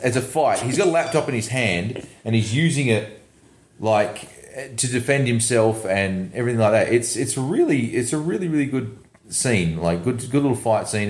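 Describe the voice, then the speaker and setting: A man co-hosting a podcast, casually recapping a film in a rambling, halting way full of fillers. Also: on the low side. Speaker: podcast co-host reviewing a film. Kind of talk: casual chat recapping a movie. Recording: roomy echo.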